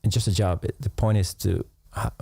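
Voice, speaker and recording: Low gravelly man, musing meditation talk. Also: fairly even intonation, no room sound. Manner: unhurried, musing, laughs softly between thoughts. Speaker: meditation teacher. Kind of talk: reflective live-stream talk.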